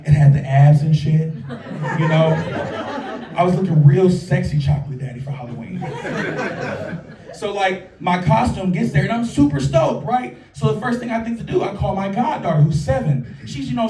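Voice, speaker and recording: A man from California doing a stand-up comedy set at a live show, telling stories in an animated, profane way. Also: fairly high pitch. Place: live show at a small local art venue. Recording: roomy, distant mic, audience laughter.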